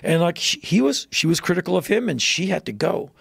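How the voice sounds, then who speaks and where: Gravelly higher-voiced man telling a story. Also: a little fast, no echo. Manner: animated, jumps into loud high voices for quotes. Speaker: podcast guest. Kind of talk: casual storytelling. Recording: dry close podcast mic.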